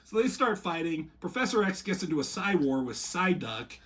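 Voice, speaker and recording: A man's voice: a little high, sing-song, fairly bright tone. A man in casual chat, reading comic strips aloud and joking with a friend, often laughing and swearing. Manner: laughing, swearing, slipping into quick comic voices.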